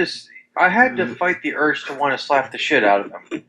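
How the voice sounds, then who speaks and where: A man's voice: on the high side, fairly quick, a bit bright, low-quality recording. A young man in casual chat, telling rambling stories with lots of restarts and crude language. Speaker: podcast co-host.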